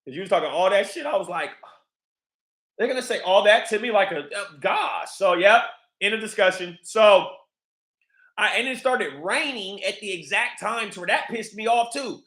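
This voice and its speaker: A man's voice: high-pitched, lively intonation, moderate pace, a bit bright. A man hosting his own vlog, telling a rambling, profane story in a casual monologue. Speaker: vlog host. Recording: echoey room.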